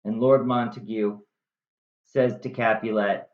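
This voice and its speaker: Slow, wry man retelling a play. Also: mid-range voice, lively intonation. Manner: wry, conversational, jokey asides. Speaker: video host. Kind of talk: casual storytelling lesson. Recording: roomy, slightly dull recording.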